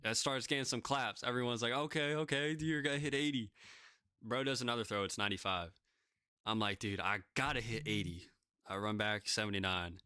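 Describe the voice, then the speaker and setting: Bright, clear young man telling stories. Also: on the low side, brisk, dry recording, clean studio sound. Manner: rambling, self-deprecating, full of fillers. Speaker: podcast guest pitcher. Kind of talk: casual storytelling.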